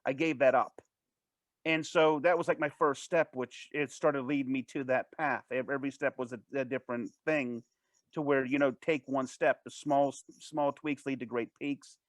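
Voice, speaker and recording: A man as an interview guest, telling a personal story in a casual, animated way, with frequent restarts and false starts. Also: mid-range voice, dry recording. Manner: animated, fast-paced anecdote telling.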